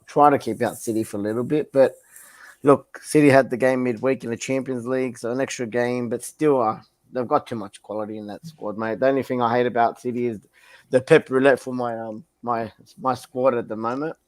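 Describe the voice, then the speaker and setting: A man's voice: medium pitch, darkish tone. A man co-hosting a casual football podcast, easygoing and full of "mate", joking with his mates. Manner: easygoing, laughs, says "mate" a lot.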